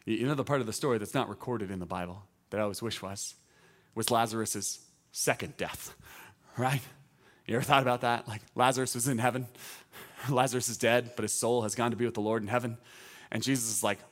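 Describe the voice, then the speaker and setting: Bright-voiced man preaching a sermon. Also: mid-range voice, brisk. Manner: conversational, emphatic, rises to loud proclamations. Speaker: teaching pastor.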